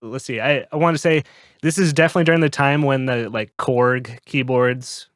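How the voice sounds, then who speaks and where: A man's voice: medium pitch, fairly even intonation, moderate pace, no room sound. A man co-hosting a podcast in casual chat, making dry wisecracks and laughing often. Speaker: podcast co-host.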